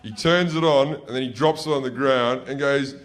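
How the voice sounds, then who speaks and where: A man's voice: medium pitch, normal speed. A man telling rambling, profane stand-up stories, often correcting himself mid-sentence. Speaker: stand-up comedian. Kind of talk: stand-up comedy storytelling.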